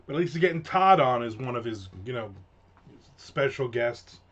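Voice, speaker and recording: Expressive and a bit bright, this middle-aged man's medium-pitched voice moves at a normal speed. He runs his own rant segment in a sarcastic, rambling, casual way, full of fillers and restarts, captured on dull lo-fi audio.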